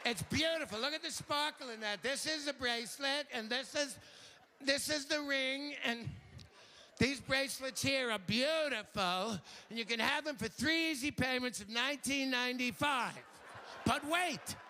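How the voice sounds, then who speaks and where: A man putting on a high-pitched, pushy home-shopping jewelry seller with a sing-song sales patter. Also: moderate pace, bright, forceful tone. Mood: gushing.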